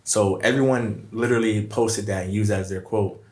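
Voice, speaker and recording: A man's voice: lowish voice, a little fast. A man from Brooklyn, a podcast guest telling stories in casual chat and acting out what others said. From Brooklyn, New York. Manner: animated storyteller, acts out quotes. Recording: echoey room.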